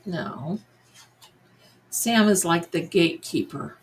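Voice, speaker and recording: A woman talks slowly and thoughtfully through a live tarot reading. She drifts between addressing her viewers and calling out to her cats at home. Her pitch sits in the middle range. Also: lively intonation, darkish tone, low-quality recording. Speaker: psychic medium livestream host.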